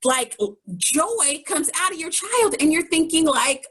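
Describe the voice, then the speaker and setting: A woman co-hosting a podcast in casual chat, expressive and quick to laugh, full of rhetorical questions. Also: extremely high pitch. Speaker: podcast co-host.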